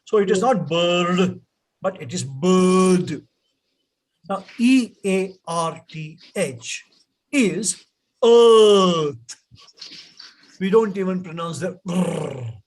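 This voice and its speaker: A man with an Indian English accent teaching pronunciation in an online class, slow and patient, repeating words for students to echo. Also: sits high, animated, a little mellow, breathy edge.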